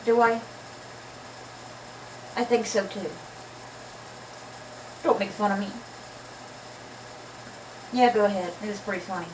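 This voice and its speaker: A woman's voice: mid-range voice, slow, long pauses, noisy background. A woman with a slight lisp reads Bible passages aloud in a casual vlog and chats and jokes between the readings. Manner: chatty, joking between readings. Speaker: Bible reader. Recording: echoey room, far from mic.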